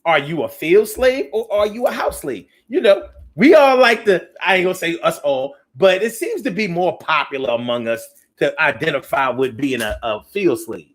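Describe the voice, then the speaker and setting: An expressive man with a fairly high voice speaks at a moderate pace as he hosts a live call-in talk show. He reads viewer comments and answers them loosely and preachily, in slang, restarting a lot and repeating lines for emphasis.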